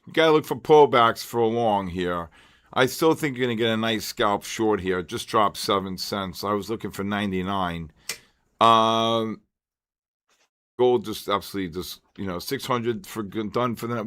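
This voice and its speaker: A man's voice: fairly low pitch, normal speed, fairly bright tone, clear, resonant tone. A man in his sixties hosting a casual live trading stream, chatty and rambling, calling out to viewers by name. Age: 60s. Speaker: trading livestream host.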